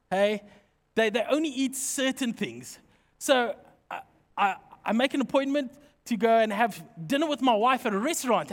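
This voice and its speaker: A man preaches to his congregation, moving from scripture and prayer into lively, joking personal stories. His voice sits unusually high for a man. The sound carries a long reverb from the hall he speaks in. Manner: leads prayer, then tells lively anecdotes to the congregation. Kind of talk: sermon with humorous personal stories.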